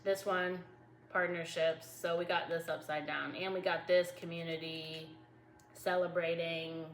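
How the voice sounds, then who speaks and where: A woman's voice: fairly low pitch, flat delivery, unhurried. A woman doing a casual tarot reading, chatty and slangy, talking to her viewers as y'all and laughing easily. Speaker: tarot reader. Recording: echoey room with faint background noise.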